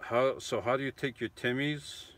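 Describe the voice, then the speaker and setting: A man's voice: medium pitch, fairly even intonation, moderate pace, a bit bright. A middle-aged man chatting casually on a live stream, rambling and restarting his sentences as he answers viewers. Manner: chatty, rambling, frequent restarts and self-corrections. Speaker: vlogger answering live chat.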